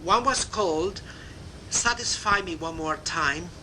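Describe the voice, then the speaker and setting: An older man with a Cuban accent telling backstage memoir stories in a warm, chatty way. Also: sits high, measured pace, a little hiss or hum, rough recording. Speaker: narrator. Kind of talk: memoir storytelling.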